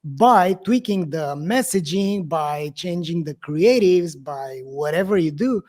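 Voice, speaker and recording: A man's voice: on the high side, animated, slow, darkish tone. A man from Romania, hosting an interview and talking conversationally, hesitating often with fillers. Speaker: host.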